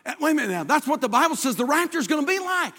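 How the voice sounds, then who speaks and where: A man's voice: extremely high pitch, big pitch swings, racing, pushed and bright, big-room sound. An older man preaching a sermon as pastor in a church, folksy and emphatic, repeating his key phrases. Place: church sanctuary.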